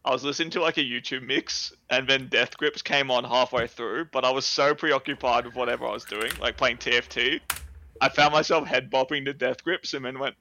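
A man's voice: medium pitch, fairly even intonation, fairly quick, pushed and bright, muffled recording. A man in his thirties, co-hosting a podcast in casual, joking chat. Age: 30s. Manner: joking, laughs often. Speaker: podcast co-host.

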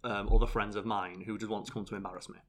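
A man's voice: lowish voice, fast talker. A British man hosting a casual podcast chat, telling stories animatedly. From Britain. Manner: animated storyteller, acts out voices loudly. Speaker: channel host.

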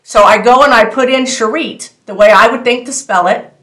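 A woman's voice: fairly high pitch, moderate pace, echoey room. A woman telling a personal faith testimony in a casual, earnest way, speaking straight to her viewers. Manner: earnest, animated storytelling that addresses viewers directly. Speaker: storyteller sharing a faith testimony.

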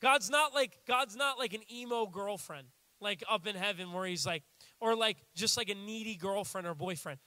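A young American man preaching a sermon in a casual, animated way, acting out little quotes as he goes. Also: high voice, moderate pace, no room sound. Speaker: pastor.

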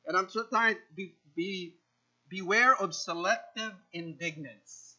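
Animated high-voiced male preacher. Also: a little slow, highs cut off. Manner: animated, repeats words, acts out quotes with sudden loud jumps. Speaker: pastor. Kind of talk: sermon.

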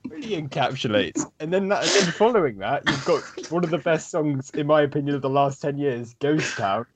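A man's voice: on the high side, animated, fairly quick. A man chatting as a podcast guest, talking eagerly and rambling with lots of fillers. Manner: enthusiastic, rambling with many fillers. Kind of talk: casual chat.

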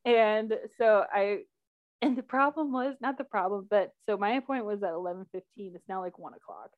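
A young woman hosting a podcast, casually telling a personal story with lots of laughter and loudly acted-out quotes. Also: mid-range voice, a little fast, phone-quality sound. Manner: animated, laughs often, acts out quotes loudly. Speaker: podcast host.

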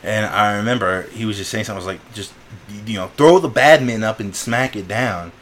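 A man's voice: on the low side, brisk. A young man co-hosting a podcast, telling stories in casual chat, acting out quotes with bursts of laughter. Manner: animated storytelling with laughter and acted-out quotes. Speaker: podcast co-host.

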